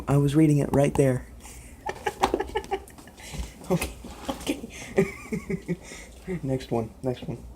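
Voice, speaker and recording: A man's voice: medium pitch, noisy background. A man vlogging casually as he reads book passages aloud, giggling and joking between lines. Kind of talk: casual reading-aloud vlog.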